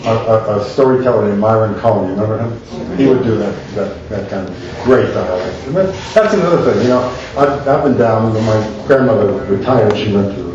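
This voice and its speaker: A man's voice: lowish voice, fairly quick, hardly any pauses, noisy background. An older man, an author, answering questions at a live talk, rambling with many restarts and asides. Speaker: author and speaker. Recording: echoey hall, distant dull mic.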